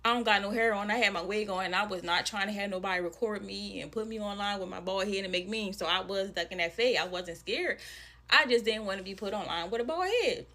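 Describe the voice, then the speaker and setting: A woman telling a personal story in an animated, slangy, casual way. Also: medium pitch, quick pace. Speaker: storyteller in a viral video.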